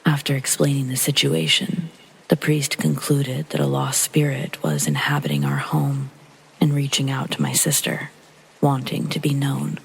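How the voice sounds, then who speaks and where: Man with a very breathy, gravelly voice. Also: mid-range voice, expressive, moderate pace, rough recording. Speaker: horror story narrator. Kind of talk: scripted narration.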